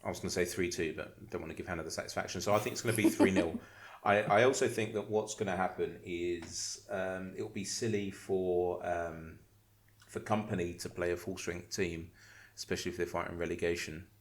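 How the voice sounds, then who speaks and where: A man's voice: deep voice, steady tone, fairly quick. A man hosting a casual podcast chat, reading out listener questions, joking and swearing, often tripping over and repeating words. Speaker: podcast host.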